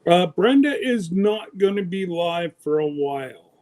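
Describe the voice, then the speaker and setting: A man with a notably high voice hosts a relaxed livestream chat. He talks in quick, teasing bursts, bantering with his guests. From Canada. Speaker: host.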